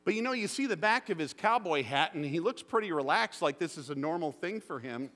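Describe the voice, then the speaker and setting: Preaching in a church sanctuary with long hall reverb, a middle-aged male pastor acts out quotes as he tells animated stories. He speaks on the high side and fairly quickly.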